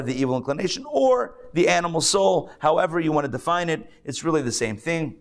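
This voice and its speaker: Rabbi teaching a live class. Male, fairly high-pitched voice, conversational and jokey, restarts his sentences as he thinks. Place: synagogue class.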